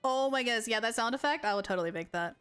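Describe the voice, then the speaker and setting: A young woman game streamer talking to her live chat in an excitable, gushing, giggly way. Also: on the high side, very fast, music in the background.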